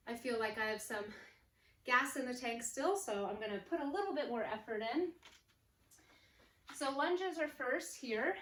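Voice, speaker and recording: A woman fitness instructor coaching a home workout while exercising, upbeat, counting down reps and cueing form, a little out of breath. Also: on the high side. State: slightly out of breath. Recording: echoey room, distant mic, faint noise.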